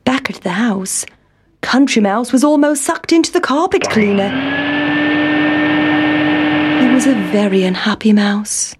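A woman reading a children's story aloud in a gentle, clear storybook manner. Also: on the high side, expressive, normal speed, a little hiss or hum.

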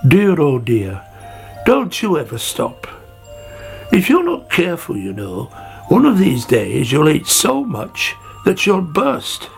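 Narrator putting on a slow tutting old snail, preachy, bit gravelly. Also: medium pitch, wildly swooping pitch, soft background music, pitched above the performer's own voice, full character voice. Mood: chiding. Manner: tutting and scolding. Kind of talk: storybook character voice.

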